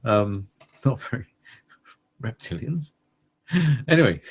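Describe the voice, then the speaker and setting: Rambling man, husky voice. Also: lowish voice, big pitch swings, slow pace. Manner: rambling, hesitant, laughs often. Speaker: cohost. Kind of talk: casual chat.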